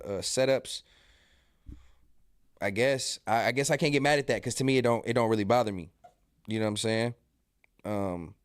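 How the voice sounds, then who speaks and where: A man's voice: mid-range voice, smooth, no room sound, clean studio sound. A man hosting a live stream, talking casually in loose, profane slang and trading insults. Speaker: live stream host reacting to clips.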